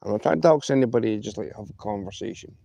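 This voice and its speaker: A man's voice: on the low side, lively intonation, fast talker, vocal fry, mellow. A man from Scotland chatting casually to live-stream viewers while fishing outdoors by the water, rambling and friendly. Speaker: fishing livestreamer.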